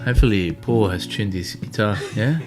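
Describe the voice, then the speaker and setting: A man chatting softly and hesitantly as a guest in a studio, about to play guitar. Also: lowish voice, moderate pace. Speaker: guest musician. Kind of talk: casual chat. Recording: loud guitar music behind. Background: guitar playing.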